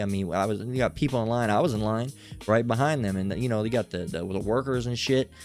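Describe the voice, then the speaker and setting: A man's voice: lowish voice, quick pace, a little mellow. Guy ranting like a street preacher, swears a lot, keeps saying you know and all right, stumbles over words, faint music behind. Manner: stammers and restarts often. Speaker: online preacher. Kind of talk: unscripted religious rant with Bible readings.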